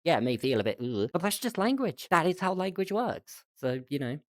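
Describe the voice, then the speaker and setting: A young man reading chat screenshots aloud and reacting, laughing often, stumbling over restarts, with his voice jumping up high in disbelief. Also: big pitch swings, fairly quick, no room sound, studio quality. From Britain. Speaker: streamer reading posts.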